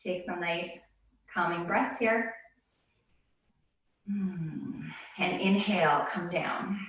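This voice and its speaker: A woman leading a yoga class, calmly cueing breaths and movements, a little out of breath. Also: medium pitch, very echoey, recorded from a distance, a little hiss or hum, poor audio. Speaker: yoga instructor. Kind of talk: guided yoga class instruction.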